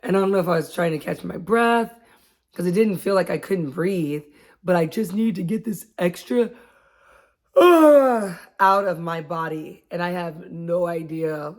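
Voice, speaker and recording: A woman in her late thirties talking casually about her own experiences, chatty and quick to laugh. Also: lowish voice. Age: 30s. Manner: chatty, laughs often, acts out quotes. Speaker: vlogger. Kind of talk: casual chat.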